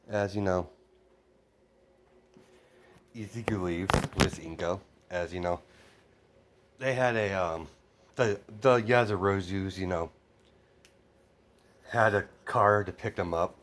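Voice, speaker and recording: Lowish male voice, rambling storyteller full of fillers, casual and unpolished. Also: slow, pauses often, a bit bright. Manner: rambling, constant "you know" fillers. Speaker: fan story narrator. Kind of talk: improvised spoken storytelling.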